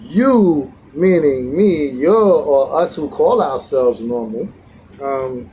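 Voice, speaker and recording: A man's voice: fairly high pitch, animated, slow pace, mellow, slight background noise, low-quality recording. A man vlogging outdoors, telling a meandering reflective story as part of a daily teaching, with frequent restarts and bursts of animation when he retells being challenged.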